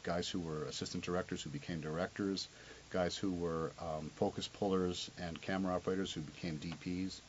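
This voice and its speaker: A middle-aged man with a very low, deep voice, talking about his work in an earnest, reflective way. He often restarts and doubles his words. The sound is dull and lo-fi, with faint hiss behind him. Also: fairly even intonation, brisk. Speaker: television director. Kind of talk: casual interview chat.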